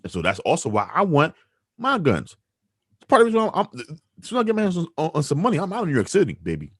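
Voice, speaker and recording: Animated man giving blunt opinions. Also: fairly high pitch, rapid-fire, husky, no room sound, studio quality. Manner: animated, emphatic, rhetorical, with restarts. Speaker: co-host. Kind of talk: opinionated news commentary chat.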